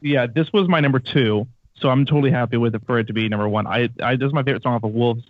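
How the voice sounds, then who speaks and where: A man's voice: mid-range voice, rapid-fire, no echo. A man co-hosting a podcast, chatting casually and enthusiastically, laughing easily. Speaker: podcast co-host. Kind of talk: casual chat. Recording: tinny phone-like line.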